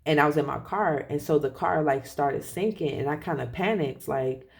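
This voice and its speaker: Tarot reader, casual spiritual reading, rambling, self-correcting, gravelly voice. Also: medium pitch, normal speed.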